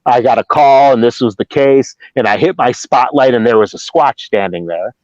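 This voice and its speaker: A man's voice: mid-range voice, moderate pace, a little mellow, dry recording. A middle-aged man from Ohio, telling a story in a casual, rambling way, with restarts and acted-out quotes. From Ohio, USA. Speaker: Bigfoot researcher guest. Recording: dull lo-fi dry remote audio.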